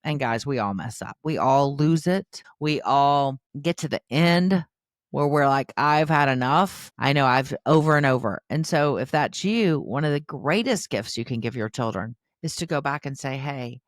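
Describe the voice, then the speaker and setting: A woman's voice: rumbling low, expressive, normal speed, no echo, studio quality. A woman hosting a parenting podcast, talking to parents in an earnest, chatty way and calling them "you guys.". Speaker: podcast host, parenting educator. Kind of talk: casual podcast talk to parents.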